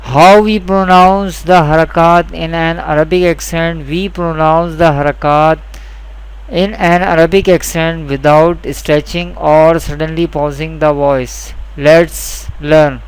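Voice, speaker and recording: Slow, deliberate male Quran teacher. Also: on the high side, steady tone, clear, resonant tone, rough recording. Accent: South Asian English. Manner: repeats each rule slowly and deliberately. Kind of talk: slow instructional lesson.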